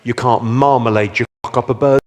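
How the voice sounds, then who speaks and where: Male English stand-up, deadpan crowd work, echoing live hall. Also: medium pitch. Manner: deadpan, quick comebacks. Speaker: stand-up comedian. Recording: live theatre, long reverb and loud noise.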